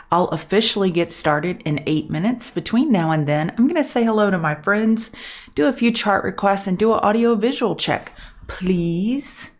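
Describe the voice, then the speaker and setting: A middle-aged woman hosting a live trading show, chatty and friendly, keeping her voice down so she doesn't get loud. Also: medium pitch. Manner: chatty, greeting viewers by name; kept softer to avoid being loud. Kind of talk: live-stream market chat.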